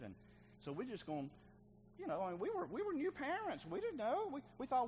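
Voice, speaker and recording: A middle-aged male pastor preaching a sermon, swinging between loud and hushed delivery. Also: extremely high pitch, wildly swooping pitch, a little fast, a little hiss or hum. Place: church sanctuary.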